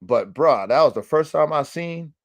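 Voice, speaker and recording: A man hosting a livestream podcast, telling a story in casual, profane slang with lots of fillers and animated asides. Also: fairly high pitch, normal speed. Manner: profane, slangy and animated, with many fillers like "you know what I'm saying". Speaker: podcast host, dog breeder. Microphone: livestream mic.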